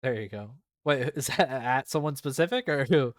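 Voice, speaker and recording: A man's voice: medium pitch, lively intonation, moderate pace, no echo, studio quality. A man hosting a casual gaming podcast, rambling with lots of "like" and "um" and the odd swear word. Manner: rambling, heavy use of fillers and swearing. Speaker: podcast host.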